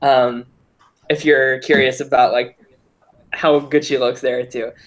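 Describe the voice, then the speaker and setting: A man's voice: medium pitch, flat delivery, unhurried. A man in a casual group chat, gushing and full of "like" fillers.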